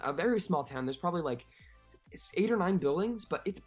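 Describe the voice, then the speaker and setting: A man's voice: fairly high pitch, animated, faint music behind. A man narrating an improvised tabletop game as game master, rambling with many fillers. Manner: rambling, filler-heavy, fast.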